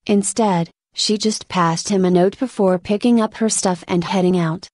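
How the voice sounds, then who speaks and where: A woman narrating a short story in a steady, even reading voice. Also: mid-range voice, moderate pace, no room sound, clean studio sound.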